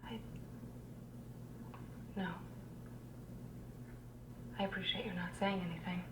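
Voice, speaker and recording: An actress playing a poised, elegant woman with a measured, polite manner, in a clip from a TV drama. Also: mid-range voice, fairly even intonation, lightly acted. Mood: earnest. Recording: distant, echoey TV clip with noise.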